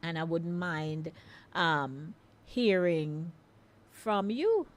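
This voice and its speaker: A woman's voice: fairly low pitch, expressive, very slow. A middle-aged Jamaican woman hosting a live call-in radio show, chatting in a coaxing, friendly way and inviting listeners to phone in.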